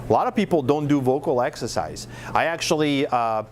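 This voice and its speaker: A man's voice: mid-range voice, expressive, brisk, a little hiss or hum. A middle-aged man from France with a French accent, teaching a marketing workshop in a casual, chatty way with lots of fillers and restarts.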